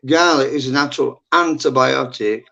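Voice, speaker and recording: Man, middle-aged, gravelly rough voice, rambling and blunt, muffled lo-fi stream audio. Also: mid-range voice, normal speed, sharp tone. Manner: rambling, blunt, heavy swearing. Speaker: livestream guest. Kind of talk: casual chat.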